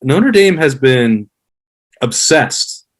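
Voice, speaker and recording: A man in his thirties, a guest on a sports podcast, giving measured, analytical views in casual chat. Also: medium pitch, sing-song, poor audio. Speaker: podcast guest, former player.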